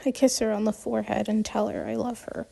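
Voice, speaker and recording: A woman narrating an audiobook in the first person, reading gently with the odd restart. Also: mid-range voice, flat delivery, fast talker, creaky, husky.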